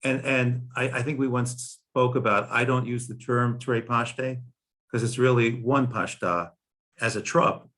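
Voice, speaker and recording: A man's voice: medium pitch, steady tone, measured pace, a bit bright. Man explaining chant symbols in class. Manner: theoretical, self-correcting. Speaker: class participant.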